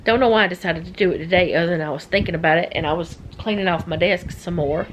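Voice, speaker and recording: A woman's voice: lowish voice, fast, a little hiss or hum, low-quality recording. A middle-aged woman chatting casually as a vlogger, rambling and easily sidetracked. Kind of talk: casual chat.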